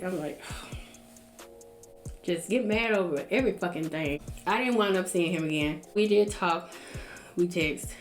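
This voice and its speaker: A woman's voice: lowish voice, measured pace, long pauses, reverberant, soft background music. A young woman casually telling a personal story to her viewers, blunt and profane, acting out what others said.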